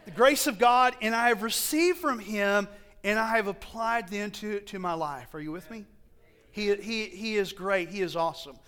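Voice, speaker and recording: A man preaching a sermon to a congregation, slow and emphatic, often asking them questions and correcting himself as he goes. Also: sits high, a bit bright, clear, resonant tone.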